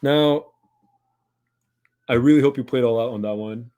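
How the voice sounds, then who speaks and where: A man's voice: medium pitch, moderate pace, warm tone, clean tone. A man hosting a podcast, talking listeners through a self-help monologue in an earnest, encouraging coaching tone. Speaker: podcast host.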